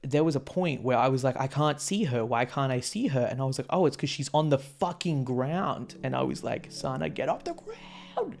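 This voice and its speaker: Gravelly-voiced excitable young man. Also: medium pitch, brisk, few pauses. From Australia. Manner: excitable, swearing, laughing, slangy. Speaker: vlogger. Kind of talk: casual concert recap.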